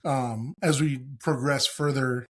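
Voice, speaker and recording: Podcast co-host, man, mid-pitched, relaxed conversational delivery with chuckles. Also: slow pace. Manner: relaxed, chuckling, joins in on quotes. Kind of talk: casual chat recapping a TV episode.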